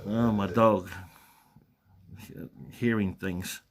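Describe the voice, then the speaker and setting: A man's voice: lowish voice, fairly even intonation, very slow, noisy background. A man from New Zealand with a New Zealand accent, hosting a casual live stream, reading out viewer comments in a rambling way with many fillers and restarts.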